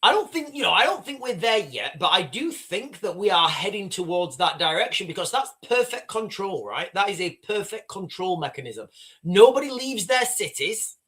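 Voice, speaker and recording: A man's voice: sits high, very animated, normal speed, a bit bright. A man hosting a live stream, talking in a rambling, conversational way to his viewers and reading their chat comments. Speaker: livestream host.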